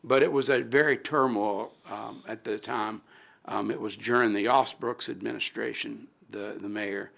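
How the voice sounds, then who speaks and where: A middle-aged alderman with a gravelly, creaky voice speaks at a council meeting. He is halting and heartfelt, restarting sentences and trailing off. He talks into a desk microphone in a council chamber. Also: fairly low pitch, fairly even intonation, a bit bright. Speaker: city alderman. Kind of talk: emotional tribute speech at a council meeting.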